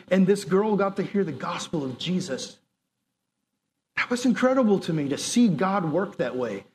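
A man, a pastor, preaching a sermon and telling a story, animated and acting out quotes with a raised voice. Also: high voice.

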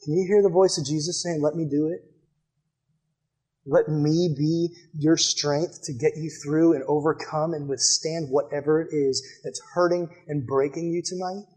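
A young man preaching a sermon to a live audience in a church building, earnest and direct, often dropping to a hushed appeal. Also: fairly high pitch, steady tone, moderate pace, few pauses, breathy edge. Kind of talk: sermon with altar call.

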